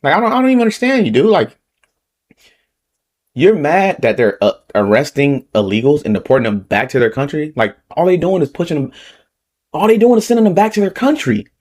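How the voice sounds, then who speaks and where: A man's voice: a little high, lively intonation, a little fast, a little mellow. A man with a Southern Californian accent hosting reaction commentary, talking heatedly and repetitively, ending points with rhetorical "okay?". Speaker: political commentary channel host.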